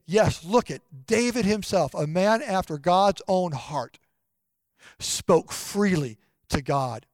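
A middle-aged man preaching a sermon in an earnest voice, often dropping to a soft, hushed tone for personal stories. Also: high-pitched, no room sound, clean studio sound. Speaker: pastor.

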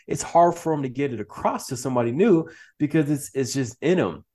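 A man's voice: mid-range voice, brisk. A man as an interview guest, speaking casually with frequent laughs and restarts, acting out quoted lines. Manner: animated, laughs often, many restarts; acts out quoted speech. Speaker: podcast guest.

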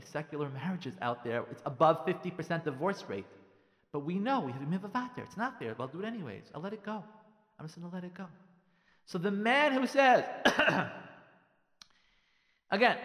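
A man gives marriage advice as a rabbi, his voice sitting a little high for a man. He talks emphatically, hammering points by repetition and acting out spouses' lines. A long reverb hangs behind him. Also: a bit bright. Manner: emphatic, repeats phrases, acts out spouses' lines. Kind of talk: radio talk on marriage.

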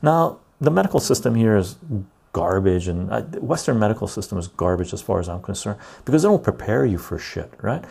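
A man's voice: fairly low pitch, very animated, brisk, creaky, husky. A man hosting a talk show in a blunt, profane casual monologue, often ending points with "right?" and dropping to near-whispered asides. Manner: swings from loud to hushed, near-whispered asides. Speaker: podcast host.

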